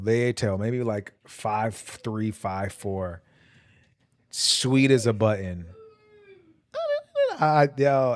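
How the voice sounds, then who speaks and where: Young male streamer, low-pitched and relaxed, chatty slang-heavy storyteller, dry close mic. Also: dry recording. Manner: loose, slangy, rambling, laughs often. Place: home.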